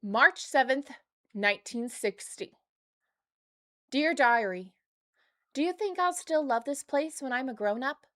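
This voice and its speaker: A woman's voice: high voice, animated, unhurried, long pauses, sharp tone, no room sound, studio quality, full character voice. A woman reading aloud the diary of an eleven-year-old girl, lightly raising her voice for the child. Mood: wistful.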